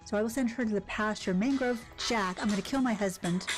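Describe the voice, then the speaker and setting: A woman live-streaming a cozy game, chatting casually and rambling with quick asides about her day. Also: medium pitch, over loud music. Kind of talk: casual live-stream chat while gaming.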